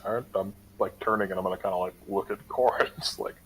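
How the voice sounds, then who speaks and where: A man's voice: sits low, fairly even intonation, fast, fairly bright tone, a little hiss or hum, poor audio. A man playing a tabletop game, describing his character's actions in a loose, hesitant way full of "like". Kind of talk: casual game chat.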